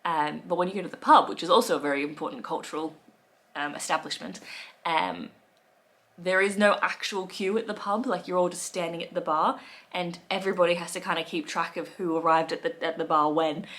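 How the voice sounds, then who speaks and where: A young Australian woman in casual chat to camera, playful and quick to laugh, acting out little quoted voices. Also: on the low side, fairly even intonation, a bit bright. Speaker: vlogger.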